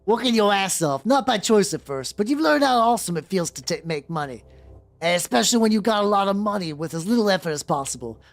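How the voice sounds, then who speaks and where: A streamer playing a video game, reacting aloud with swearing and reading the game's text out loud. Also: mid-range voice, animated, quick pace. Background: faint background music.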